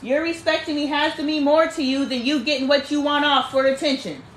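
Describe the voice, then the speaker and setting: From her bedroom, a woman hosts a casual livestream, speaking emphatically and preaching while often repeating herself. Her voice is high and steady, and she talks a little fast.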